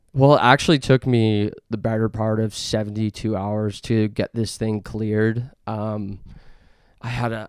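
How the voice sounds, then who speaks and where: A young man from Canada hosting a podcast, rambling through absurd tall tales in a deadpan way, full of fillers. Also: lowish voice, clean tone, dry recording, clean studio sound. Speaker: podcast host. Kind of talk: deadpan comedic monologue.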